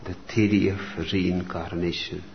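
A man giving a slow, reflective spiritual discourse, speaking deliberately with long pauses between phrases. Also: deep voice, level tone, creaky. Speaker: spiritual teacher. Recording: dull lo-fi recording with faint room noise.

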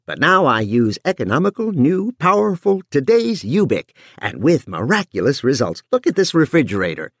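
A man voicing a loud, brassy middle-aged housewife bellowing a sales pitch in a TV commercial. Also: huge pitch swings, normal speed, few pauses, no room sound, studio quality, exaggerated voice.

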